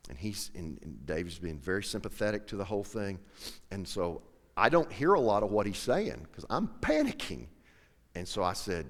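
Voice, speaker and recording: A man's voice: sits low, big pitch swings, moderate pace, long reverb tail. A middle-aged man telling an emotional personal story to an audience, acting out the dialogue as he goes. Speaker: professional angler.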